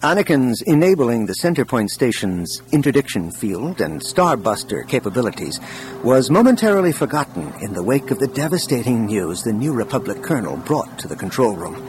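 A man narrating an audiobook in an expressive, scripted reading style. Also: mid-range voice, a little fast, soft background music.

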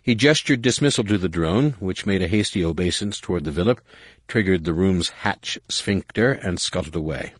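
A man reading scripted audiobook narration in a measured, even way. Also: low voice, slightly rough, no echo.

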